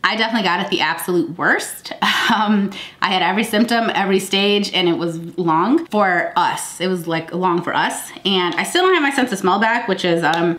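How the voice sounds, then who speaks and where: A woman's voice: medium pitch, expressive, brisk, a bit bright, reverberant. A woman in her thirties with a cold and a stuffy nose, chatting casually to her viewers in a rambling way and laughing often. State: congested from a cold. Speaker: vlogger. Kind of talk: casual sit-down chat.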